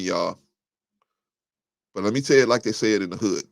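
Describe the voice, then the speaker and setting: A livestream show host with a lowish voice talks fast with vocal fry and frequent pauses, and there's no room sound. He reads viewer comments aloud on his live talk show and answers them bluntly and combatively, with many restarts and fillers, his voice rising sharply when he gets heated.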